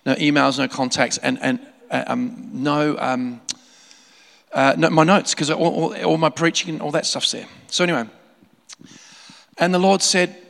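A man preaching a sermon, telling a story in an animated way with laughing asides and many restarts. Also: fairly high pitch, moderate pace, gravelly. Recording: long hall reverb.

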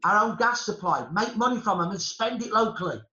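A man's voice: high-pitched, animated, brisk, pushed and bright, roomy sound, muffled recording. A man with a Birmingham accent, a historian guest talking with passion and emphasis in a panel conversation. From Birmingham, England.

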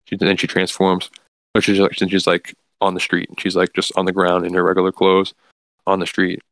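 A man with a very low, gravelly voice casually recaps a comic book story. He rambles, filling gaps with "like" and restarting his sentences. The sound is dry and close. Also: completely flat delivery, normal speed, fairly bright tone, no echo.

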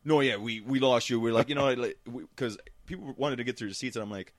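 A man in casual chat, telling animated stories with frequent restarts. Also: mid-range voice, quick pace, no echo. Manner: animated storyteller with many restarts.

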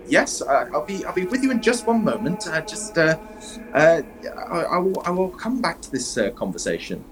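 A man's voice: on the high side, big pitch swings, normal speed, a bit bright, soft background music, pitched above the performer's own voice. A man voicing a wizened old priest who stammers and dodges the question. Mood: flustered. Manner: hesitant, stammering. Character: old male priest, flustered and evasive.

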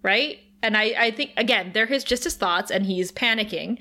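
A woman's voice: medium pitch, normal speed, pushed and bright. A woman co-hosting a casual TV recap chat, giggly and enthusiastic, swearing casually. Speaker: podcast co-host.

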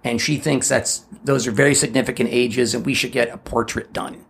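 A man in his fifties, a podcast co-host chatting casually and telling animated personal stories, acting out voices as he goes. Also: mid-range voice, fairly quick, gravelly, a little hiss or hum. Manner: animated storyteller who acts out voices and laughs along.

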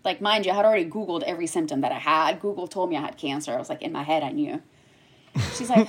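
A woman in her thirties telling a personal story in conversation, animated and acting out what others said in quick bursts. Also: fairly low pitch, slightly rough. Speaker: guest sharing a personal story.

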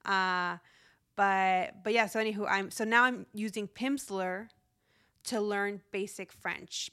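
A woman in her thirties talks casually on her solo podcast. Her pitch sits right in the middle, and she stays upbeat and chatty, laughing easily as she goes. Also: unhurried, bright, forceful tone, clear, resonant tone. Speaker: podcast host.

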